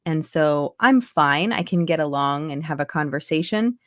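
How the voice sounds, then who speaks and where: A woman's voice: sits low, expressive, normal speed, no room sound, studio quality. A woman accent coach chatting casually in an interview over a video call, talking with lots of fillers and restarts. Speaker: accent and dialect coach, guest. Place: home in Montreal, on a video call.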